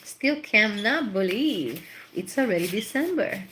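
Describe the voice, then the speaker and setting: A woman's voice: mid-range voice, animated, measured pace, heavy background noise. A middle-aged woman, a tarot reader, chatting casually and rambling with laughs and bits of Spanish slang. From Puerto Rico. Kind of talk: casual chat.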